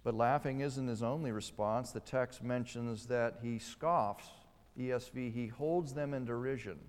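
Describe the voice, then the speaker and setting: A man's voice: medium pitch, measured pace. A man preaching a sermon, stressing key words and putting rhetorical questions to his listeners. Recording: long hall reverb.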